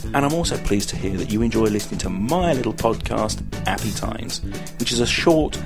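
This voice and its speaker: Low-voiced man with a friendly podcast promo. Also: animated, a little fast, music in the background. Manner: friendly, folksy. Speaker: podcast host sending a promo.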